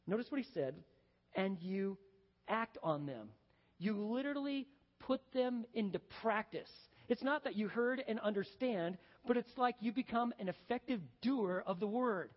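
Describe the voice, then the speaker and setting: A man preaching a sermon, telling folksy stories and swinging between loud, lively bursts and hushed, slow emphasis. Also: high-pitched. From Texas. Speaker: pastor. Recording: dull, echoey hall recording.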